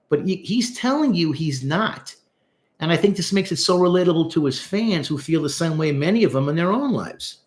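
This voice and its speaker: A man, a therapist, breaking down song lyrics in casual, animated commentary, talking straight to the viewer. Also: a little high, brisk. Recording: echoey room.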